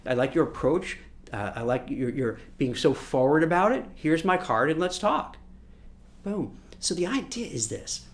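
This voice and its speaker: A man with a somewhat high voice that rises and falls widely coaches listeners in a relaxed way. He acts out small scenes, hums sound effects and often restarts his words. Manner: conversational, repeats words as he restarts. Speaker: career coach. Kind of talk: casual instructional talk.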